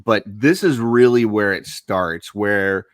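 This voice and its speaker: A man co-hosting a casual fan podcast, relaxed and blunt, filling his talk with "you know" and "like". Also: fairly low pitch, slow pace, no echo, studio quality. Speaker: podcast co-host.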